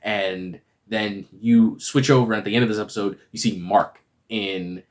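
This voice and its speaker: A man's voice: fairly low pitch, fairly even intonation, normal speed. A man giving a casual, rambling review that recaps a TV episode and is full of fillers. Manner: rambling, filler-heavy retelling. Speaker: video reviewer.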